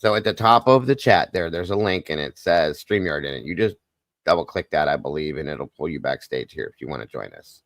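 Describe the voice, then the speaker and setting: Guy hosting a live stream, real low voice, dry close sound, soft and comforting. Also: animated, fairly quick, no room sound. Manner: soft, consoling, emotional. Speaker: livestream host. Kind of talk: live stream chat, reading comments.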